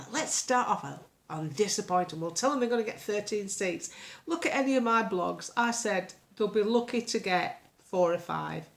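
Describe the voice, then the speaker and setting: An older woman talks straight to her audience in a casual, rambling monologue. She is sarcastic and scathing, and she pads her points with ums at a mid pitch. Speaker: political blogger.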